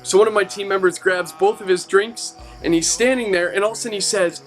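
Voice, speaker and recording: A man from a youth ministry team tells a personal testimony and acts out the people he quotes in a lively way. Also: high-pitched, fast, few pauses, faint music behind. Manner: animated storyteller acting out quotes.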